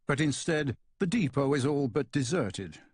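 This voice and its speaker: A man reading a novel aloud in a calm, measured narration. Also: mid-range voice, husky, no room sound, clean studio sound. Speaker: audiobook narrator. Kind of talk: scripted narration.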